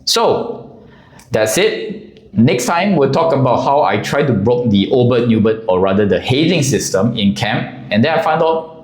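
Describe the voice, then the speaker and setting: Animated man telling a story. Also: medium pitch, measured pace, echoey room. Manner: animated, acts out voices and gestures. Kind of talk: casual anecdote to camera.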